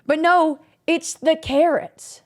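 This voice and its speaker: A young woman streams to her chat, telling stories casually with a slightly high voice. She is animated and laughs at her own tales. She swears freely as she goes. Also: slow.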